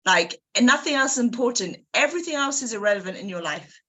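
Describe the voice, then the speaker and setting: A woman with a bright, forward voice and a husky edge leads a book club group. She speaks with energy, turning often to her listeners to rally them. Her pitch sits a little high. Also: fast. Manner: energetic, addresses listeners directly. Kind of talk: motivational group talk.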